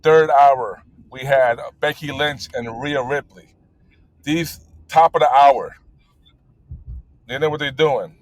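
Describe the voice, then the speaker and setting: A man's voice: mid-range voice, takes it slowly, pauses often, low-quality recording. A man in casual chat about wrestling, rambling with many fillers and blunt, profane talk. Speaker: podcast co-host.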